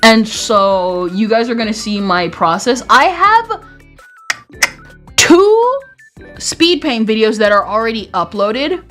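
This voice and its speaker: A young woman streamer talks with a slight Southern twang in a slow, easygoing chat. Her voice sits a little high and swings widely in pitch, and she laughs often and restarts her sentences. Soft music plays faintly behind her. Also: very animated. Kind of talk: casual chat.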